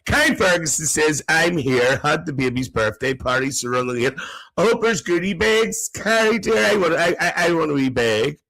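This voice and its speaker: A man's voice: fairly high pitch, animated, moderate pace, pushed and bright, exaggerated voice, poor audio. A man playing a gossipy, cheeky older auntie who hosts a live comedy stream, chatting and teasing the viewers and laughing between lines.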